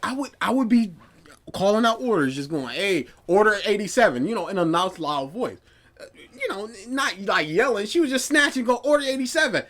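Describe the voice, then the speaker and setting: Animated young man telling work stories. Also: sits high, brisk. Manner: animated, mimics coworkers mid-story. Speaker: podcast guest. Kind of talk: casual storytelling chat.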